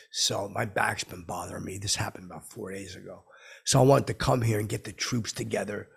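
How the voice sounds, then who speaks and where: A man's voice: fairly low pitch, heavily acted. A man playing a dim, self-absorbed hustler who hosts a comedy podcast, rambling and repeating "I go" over and over. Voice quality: gravelly, very raspy. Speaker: podcast host. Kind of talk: comedic character monologue.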